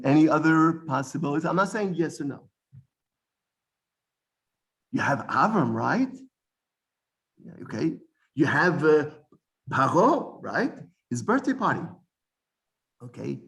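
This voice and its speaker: Male teacher, gravelly voice, classroom lesson; explains, quizzes students, digresses and corrects himself. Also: on the high side, big pitch swings, slow pace, long pauses, fairly bright tone. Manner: digressive, corrects his own wording.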